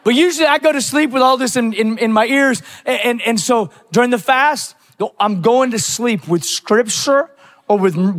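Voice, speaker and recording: High-voiced preaching man in a big hall. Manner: energetic preaching with personal stories and quoted prayers. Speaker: pastor. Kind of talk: sermon. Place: church sanctuary. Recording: long church-hall reverb.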